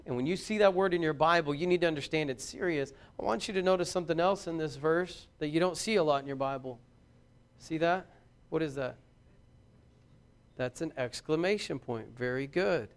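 A man preaching a sermon in a church, reading scripture and building to loud, fervent intensity. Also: fairly high pitch, moderate pace, smooth. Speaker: pastor.

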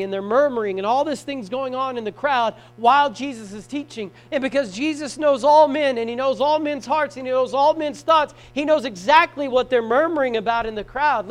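High-voiced man preaching, quiet to shouting. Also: low-quality recording. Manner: preaching with scripture reading, swings from quiet to shouting. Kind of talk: sermon. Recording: mains hum. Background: hum.

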